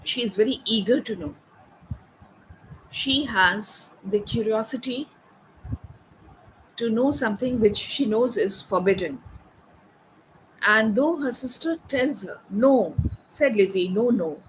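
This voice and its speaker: Woman, literature lecture, slow, hesitant fillers, faint background noise. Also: fairly high pitch, low-quality recording. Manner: thoughtful, hesitant with fillers, reads quoted verse aloud. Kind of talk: academic lecture.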